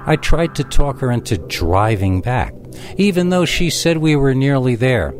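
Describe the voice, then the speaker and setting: A man narrating a first-person horror story in a lively storytelling manner. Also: medium pitch, unhurried. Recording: constant background noise.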